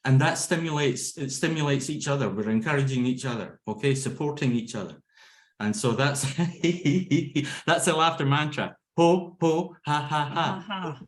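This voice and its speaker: A man with an animated, medium-pitched voice teaches laughter yoga at a moderate pace on a video call that sounds roomy and echoey. His instruction mixes in demonstrations: energetic talk, ho-ho-ha-ha-ha chanting, laughter, and frequent "okay?" and "yeah?" check-ins.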